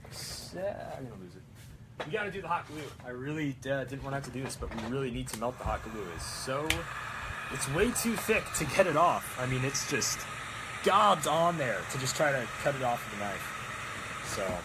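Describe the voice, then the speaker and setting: A young man chatting casually while making a prop, rambling and excitable with lots of fillers. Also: mid-range voice, moderate pace, noisy background. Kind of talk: casual crafting vlog chat.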